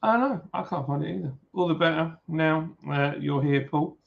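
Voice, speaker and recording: Speaking at a moderate pace in a creaky, somewhat high voice, a Yorkshire man livestreams from home with a beer, reading comments aloud. He keeps it chatty and jokey, with plenty of "uh"s, over dull lo-fi stream audio.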